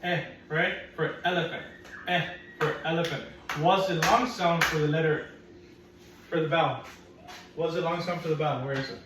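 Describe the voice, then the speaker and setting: A woman's voice: low-pitched, fairly even intonation, moderate pace. A woman teaching phonics to young children, patient, repeating vowel sounds and teasing that she will trick them. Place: classroom. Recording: echoey room from far off, faint noise.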